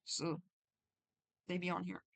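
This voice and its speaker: A woman's voice: fairly low pitch, monotone, slow pace, creaky. A young adult woman on a casual stream, reading stories aloud and breaking off to comment in a chatty way.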